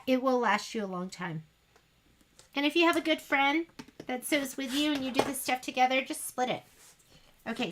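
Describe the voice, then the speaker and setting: A woman's voice: sits high, fairly bright tone, slight background noise. A woman hosting a sewing livestream, chatting casually and rambling to her viewers as she works. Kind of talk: casual chat while sewing.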